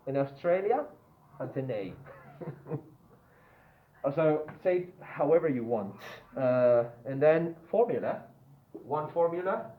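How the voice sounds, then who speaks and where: A man's voice: on the high side, animated. A male English teacher paces through pronunciation drills, saying each word again and again and checking in with "yeah?". His voice comes through a tinny, phone-like line. The room around him is echoey. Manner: repeats words slowly for pronunciation drills, often asks "yeah?". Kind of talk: online grammar lesson.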